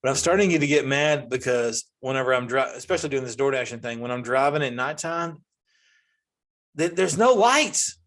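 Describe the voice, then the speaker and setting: Ranting forty-something comic. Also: male voice, moderate pace. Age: 40s. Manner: ranting, animated, jumps to high-pitched outbursts. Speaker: comedy podcast host. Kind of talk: casual comedic monologue.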